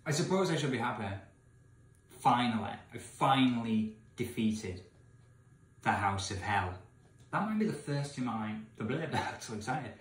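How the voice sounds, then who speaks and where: An English man in his thirties, ranting in disbelief to the camera, swinging between loud outbursts and muttered asides. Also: medium pitch, expressive, normal speed, echoey room. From England. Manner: incredulous, ranting, swings from shouting to mumbling. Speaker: vlogger reading a gamebook. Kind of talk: exasperated rant to camera. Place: indoor room with candles, away from home.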